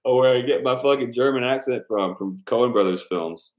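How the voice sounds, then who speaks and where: A man's voice: mid-range voice, moderate pace, reverberant, slight background noise. A man chatting casually with his supporters, loose and profane, rambling and laughing often. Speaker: YouTube creator thanking patrons. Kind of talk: casual live chat with supporters.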